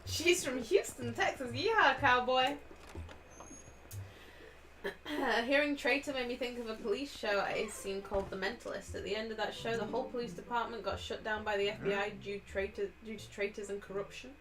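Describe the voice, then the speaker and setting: A woman's voice: on the high side, fairly even intonation, a little fast, a bit bright. A woman co-hosting a game stream, reading chat aloud and teasing with a giggle. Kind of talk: casual livestream chat. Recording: distant mic with faint music.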